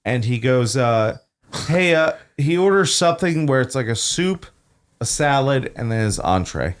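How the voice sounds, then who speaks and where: A young podcast co-host tells a work story in casual chat, animated and acting out customers in a raised voice. His mid-range voice is clean and a little slow.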